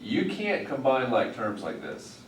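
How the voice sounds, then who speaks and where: A man's voice: mid-range voice, wildly swooping pitch, a little slow. A male math teacher working through algebra with students, explaining steps with dry, wry humor. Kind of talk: classroom tutoring. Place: classroom. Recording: roomy, distant mic, some noise.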